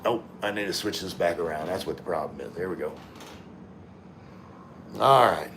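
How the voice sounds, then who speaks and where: A man from Louisiana, hosting a casual livestream and answering chat comments in a halting, laid-back way with many fillers. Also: deep voice, fairly bright tone, a little hiss or hum. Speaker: livestream host. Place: room in the Philippines. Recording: echoey room, faint ambience.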